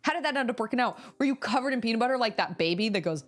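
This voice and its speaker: A woman's voice: a little high, very fast, soft background music. A woman streamer chatting casually and rambling while she plays a game. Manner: rambling, animated, many fillers. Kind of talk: casual chat while gaming.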